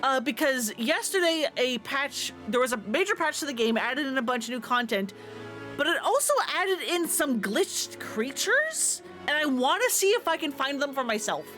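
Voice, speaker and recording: High-voiced swearing woman streamer. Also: very animated, normal speed, a bit bright, soft background music. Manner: profane, chatty, laughs often. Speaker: game streamer. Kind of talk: casual gameplay chat.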